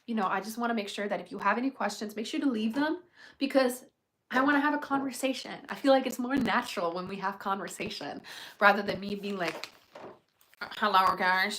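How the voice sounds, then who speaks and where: A woman's voice: on the high side, fairly bright tone, slight background noise, low-quality recording. Chatty young woman giving frank advice. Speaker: livestream host. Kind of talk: casual livestream chat.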